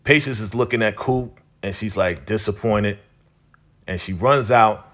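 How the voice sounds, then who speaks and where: A man's voice: on the low side, a little slow, a bit bright. A man hosting a TV episode recap in casual spoken narration, conversational and repetitive, leaning on "you know" as he goes. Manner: conversational, repeats phrases, leans on "you know".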